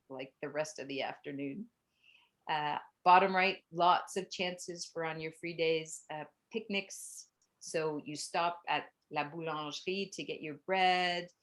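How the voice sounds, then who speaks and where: A woman's voice: sits low, fairly bright tone. A middle-aged woman, a bike tour guide and language teacher, giving a chatty, explanatory virtual tour presentation with frequent "um" and "like".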